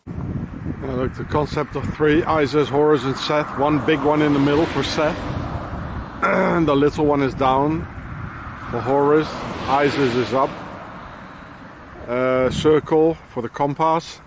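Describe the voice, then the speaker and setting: A man's voice: a little high, fairly even intonation, takes it slowly, pauses often, noisy background. A man vlogging on a walk around town, rambling in a conspiratorial way as he points things out to a handheld camera. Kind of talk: walking commentary to camera.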